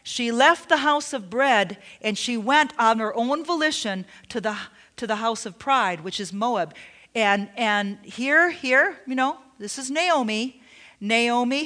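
A woman pastor preaching a sermon, emphatic, with frequent restarts and "you know"s. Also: fairly high pitch. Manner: drops to a hushed near-whisper when retelling a tender story.

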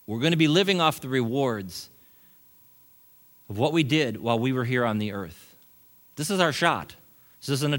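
A middle-aged man, a pastor, preaching a sermon in a church, animated and shifting between loud emphatic points and quiet asides, with brief chuckles. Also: medium pitch. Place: church sanctuary.

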